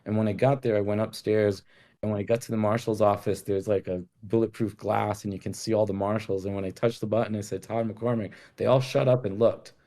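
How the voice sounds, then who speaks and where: A man's voice: lowish voice, little pitch movement, fairly quick, warm tone. A man from Rhode Island telling a story as a guest in a casual chat, laid-back and swearing freely while acting out the dialogue.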